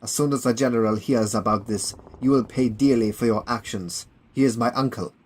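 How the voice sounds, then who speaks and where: A man's voice: mid-range voice, fairly quick, natural voice, low-quality recording. A man voicing an arrogant captured German officer who speaks in a haughty, threatening way.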